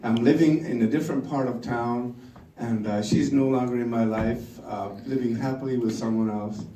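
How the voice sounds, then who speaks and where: A middle-aged Swedish man tells a story on stage with animated energy, laughing often and acting out voices. His voice is mellow and warm. He is heard from a distance in an echoey room, with faint ambience behind him. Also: medium pitch, normal speed, a little hiss or hum. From Sweden. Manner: animated, laughing, acts out quotes. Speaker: speaker telling a story on stage. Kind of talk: storytelling talk.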